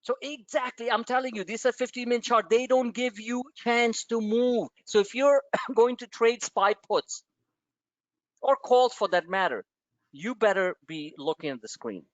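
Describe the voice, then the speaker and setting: A man's voice: extremely high pitch, normal speed, no echo, lo-fi sound. A man hosting a live stock-trading webinar, talking casually with profane asides and rambling stories. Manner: animated, profane, tangents into personal stories.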